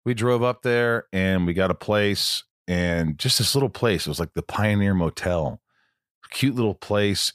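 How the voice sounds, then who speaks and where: A man's voice: deep voice, no room sound, studio quality. A man hosting a podcast in casual chat, rambling and joking about himself. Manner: rambling, with self-deprecating humor. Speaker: podcast host.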